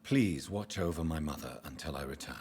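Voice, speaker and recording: A man voicing a solemn young vampire doctor speaking softly to his mother in a video game. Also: extremely low pitch, brisk. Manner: solemn, soft, restrained. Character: young doctor turned vampire, grave, grieving son. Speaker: game character.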